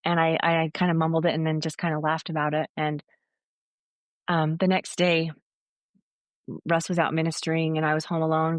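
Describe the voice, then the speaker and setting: Middle-aged woman telling a lively story. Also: deep voice, no room sound, clean studio sound. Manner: animated storyteller, acts out quotes. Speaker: guest, foot zoner. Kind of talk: casual storytelling interview.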